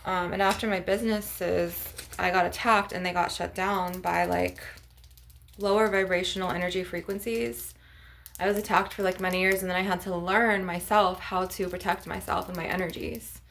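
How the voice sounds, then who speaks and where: A woman's voice: on the low side, steady tone, moderate pace, vocal fry, fairly bright tone, a little hiss or hum. A young woman vlogging casually to her viewers, rambling with lots of "like" and "you guys" as she shows off her crystals. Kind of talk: casual chat to camera.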